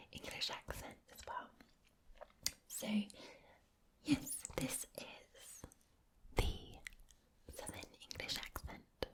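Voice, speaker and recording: A woman's voice: high voice, a little mellow. A woman from Scotland giving a whispered ASMR talk, rambling with many fillers. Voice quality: husky whisper. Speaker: ASMR creator.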